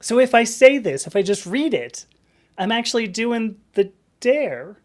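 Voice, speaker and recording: A woman's voice: on the high side, big pitch swings, unhurried, darkish tone. Chatty rambling woman in her fifties. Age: 50s. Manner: rambling, chatty, laughs often, many restarts. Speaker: livestream host. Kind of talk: casual live-stream chat.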